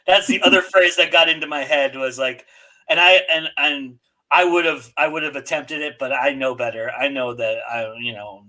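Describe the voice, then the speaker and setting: A man's voice: mid-range voice, steady tone, moderate pace, pushed and bright. A man hosting a live chat show, rambling and joking, often restarting his sentences. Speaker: host.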